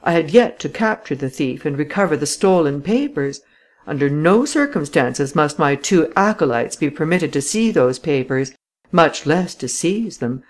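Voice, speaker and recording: A reader giving measured, dramatic first-person audiobook narration. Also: medium pitch, expressive.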